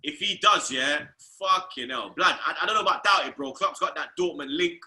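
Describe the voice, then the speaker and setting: A man hosting a casual football talk show, loud and excitable and swearing a lot. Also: a little high, brisk, roomy sound, poor audio. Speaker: host.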